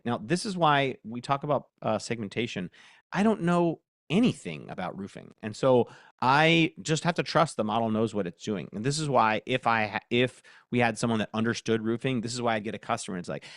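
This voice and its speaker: A man presenting a casual live workshop demo. He thinks aloud, gets excitable and laughs often. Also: lowish voice, quick pace, dry recording, clean studio sound.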